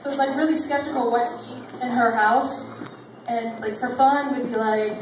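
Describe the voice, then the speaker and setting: A woman's voice: fairly high pitch, fairly even intonation, moderate pace, crowd noise. A woman in her thirties doing a rambling, self-deprecating stand-up set on a comedy club stage. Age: 30s. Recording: distant mic in an echoey club. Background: audience laughter.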